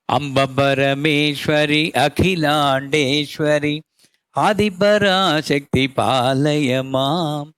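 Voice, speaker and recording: A man teaching devotional verses, slowly drawing out chanted Sanskrit names as he explains them. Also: a little high, gravelly, a bit bright, dry recording. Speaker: spiritual teacher.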